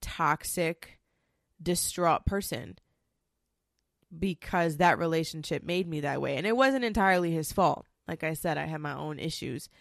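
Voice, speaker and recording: A woman's voice: low-pitched, a little slow, gravelly, no room sound, clean studio sound. A woman telling a personal story in a candid, rambling way, emotional and swearing freely, with many restarts.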